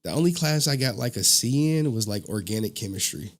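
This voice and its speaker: A man in his thirties hosting a casual online commentary, animated and slangy, swearing and laughing often. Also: medium pitch, brisk.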